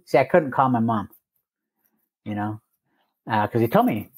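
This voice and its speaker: Husky older man telling his story. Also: mid-range voice, lively intonation, moderate pace, long pauses, darkish tone. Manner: plainspoken storytelling with repetitions. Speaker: recovery meeting speaker. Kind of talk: personal recovery story.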